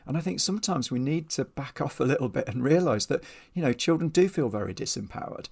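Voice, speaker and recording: A man's voice: medium pitch, expressive, fast, gravelly, darkish tone. A man in his fifties, a behaviour trainer telling stories as an interview guest in a chatty, self-deprecating way. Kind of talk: casual storytelling in an interview.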